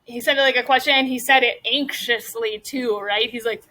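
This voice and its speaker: A woman's voice: fairly high pitch, steady tone, bright, forceful tone, poor audio. A woman teacher reading a novel aloud to her class and stopping to ask the students questions. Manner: pauses to question students about the story.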